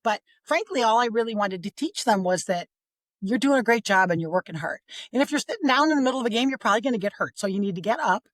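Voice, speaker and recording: A middle-aged woman talking about parenting on a podcast, chatty and expressive, sometimes acting out what others said. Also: fairly high pitch, quick pace, dry recording. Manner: chatty, expressive, acts out quoted voices. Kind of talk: casual podcast conversation.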